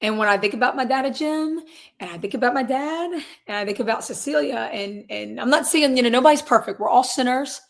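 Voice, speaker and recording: A woman's voice: fairly high pitch, brisk, gravelly. A woman in her twenties, a guest in a casual interview, talking earnestly and rambling through restarts and quoted asides. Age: 20s. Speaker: guest, singer and real estate agent.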